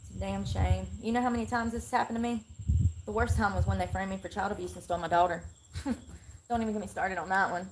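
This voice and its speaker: A woman's voice: mid-range voice, steady tone, fast, background noise. Indignant ranting woman on a phone. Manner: indignant, aggrieved, rambling. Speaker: live streamer. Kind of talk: ranting vlog monologue. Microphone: phone held for self-filming.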